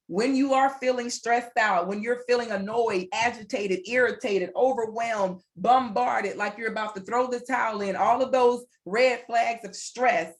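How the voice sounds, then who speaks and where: This is a woman presenting a workplace wellness session online. She talks through a computer mic in an earnest, encouraging tone. She builds her points by repeating phrases, one after another. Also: on the high side. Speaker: webinar presenter. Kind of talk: motivational webinar talk.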